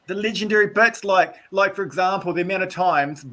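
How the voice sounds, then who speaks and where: A man's voice: high voice, brisk, pushed and bright. Chatty New Zealand man telling stories. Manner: rambling storyteller, acts out quotes. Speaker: guest. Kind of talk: casual chat.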